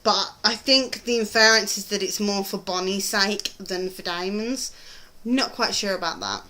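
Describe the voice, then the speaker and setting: A woman's voice: mid-range voice, normal speed, sharp tone. A British woman chatting casually in a TV review vlog, rambling and gushing with frequent ums. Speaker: TV review vlogger.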